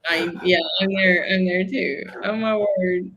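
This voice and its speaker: Chatty co-host reacting quickly. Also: mid-range voice, steady tone, fairly bright tone, highs cut off, a little hiss or hum. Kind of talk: casual chat.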